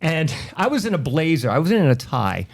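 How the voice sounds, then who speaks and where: Middle-aged long island radio guy telling stories, slightly high voice, does the voices of people he quotes. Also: normal speed, creaky. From Long Island, New York. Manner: animated anecdotes, acting out quoted voices. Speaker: radio personality guest. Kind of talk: casual storytelling interview.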